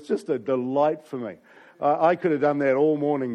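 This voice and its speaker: A man's voice: fairly high pitch, steady tone, normal speed, mellow. Pastor guy telling a story in his sermon, chats to the congregation.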